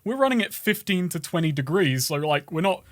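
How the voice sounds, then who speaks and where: Man, podcast co-host, slightly high voice, dry sound, enthusiastic, casual chat. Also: sing-song, a little fast, dry recording. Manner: enthusiastic, hesitant fillers.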